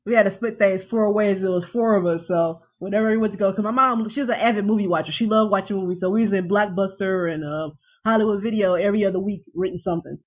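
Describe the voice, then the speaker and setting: A woman's voice: mid-range voice, fast, hardly any pauses. A woman co-hosting a casual podcast, laughing often and acting out her own past remarks as she tells stories. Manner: laughs often, acts out quotes of herself and mom. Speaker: podcast co-host. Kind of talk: casual chat.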